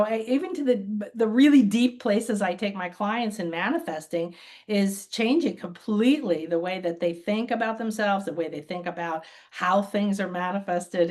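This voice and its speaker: Woman spiritual teacher chatting, mid pitch, acts out voices in her stories. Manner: animated, acts out quoted voices, laughs often. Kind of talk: casual conversational storytelling. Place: lives by a beach.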